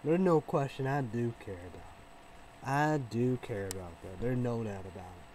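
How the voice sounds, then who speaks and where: A man in a casual vlog monologue, rambling and repeating himself, with many fillers and restarts, swinging between low mumbling and loud outbursts. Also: animated, moderate pace, slight background noise, rough recording. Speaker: vlogger.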